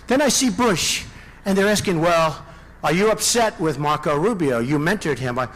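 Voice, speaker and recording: A man's voice: fairly high pitch, animated, moderate pace, fairly bright tone, rough recording. A man in his sixties, a presidential candidate giving a campaign rally speech in a large indoor venue, rambling and repetitive with boastful asides. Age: 60s.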